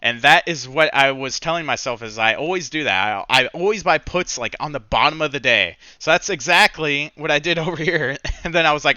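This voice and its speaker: A man's voice: mid-range voice, expressive, moderate pace, few pauses, sharp tone, clear, resonant tone, no echo, lo-fi sound. A man recapping his own trading day, candid, rambling, self-critical and swearing freely as he walks through his losses. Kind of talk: casual screen-share trading recap.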